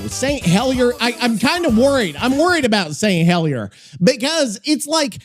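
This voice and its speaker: Podcast host guy, swears a lot, bouncy high voice, rambles. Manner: profane, excitable, rambling. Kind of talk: casual podcast chat.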